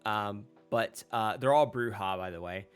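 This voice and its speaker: A man voicing a laid-back male vampire peacekeeper who talks casually and reassuringly, sometimes dropping to a hushed tone. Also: on the low side, unhurried, clear, resonant tone, soft background music, lightly acted. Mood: hushed, confiding.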